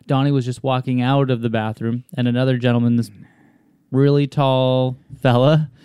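A man in casual podcast chat, telling stories in a relaxed, easygoing way with the odd chuckle. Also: mid-range voice, moderate pace, clear, resonant tone, dry recording, studio quality. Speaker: podcast co-host.

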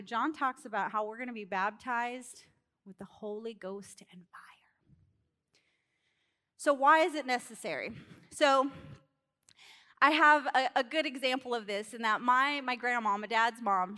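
High-voiced woman preacher, animated storyteller. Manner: animated storytelling, acts out characters, laughs. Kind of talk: sermon.

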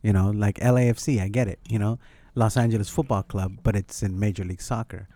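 A man's voice: fairly low pitch, fairly even intonation, fast talker, dark tone. A man co-hosting a podcast, rambling and joking with casual swearing. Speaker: podcast co-host. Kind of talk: casual chat.

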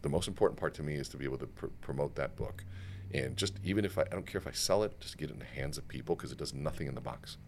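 A man with an extremely low, creaky voice appears as a guest author on a podcast set, telling stories quickly and emphatically, acting out quotes and swearing through the animated interview. A little hiss or hum sits in the audio.

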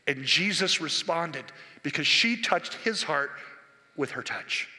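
A man's voice: on the high side, animated, slow. A man in his sixties, a senior pastor preaching a sermon in a church, telling stories with impassioned, rising delivery. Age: 60s. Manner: impassioned, storytelling, rising to near-shouted peaks. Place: church sanctuary. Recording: long reverb of a church hall.

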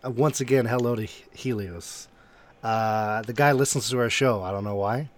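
A man hosting a casual podcast chat, animated and laughing a lot. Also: lowish voice, moderate pace. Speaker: podcast host.

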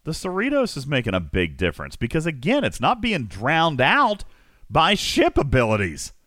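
Male host, casual gaming podcast, bright forceful tone, lively rambling delivery, dry close mic. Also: a little high, normal speed, no echo. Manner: animated, teasing, rambling.

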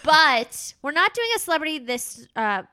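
A young woman in her late twenties hosts a podcast and chats casually with a wry edge. Her voice is crisp and bright, fairly high, and sits in a dry, close recording. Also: big pitch swings, normal speed, no echo. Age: 20s. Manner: wry, chatty. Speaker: podcast host.

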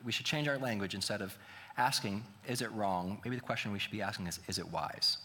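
Bright-voiced pastor preaching in a reverberant hall. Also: male voice, fairly low pitch, brisk. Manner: earnest, builds to emphatic preaching. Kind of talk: sermon.

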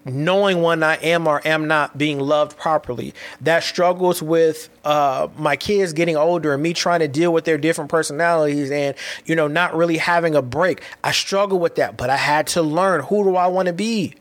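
A man's voice: on the high side, steady tone, moderate pace, few pauses. Candid man hosting a solo podcast. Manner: candid, reflective, with frequent restarts and casual slang. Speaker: podcast host. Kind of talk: solo motivational podcast monologue.

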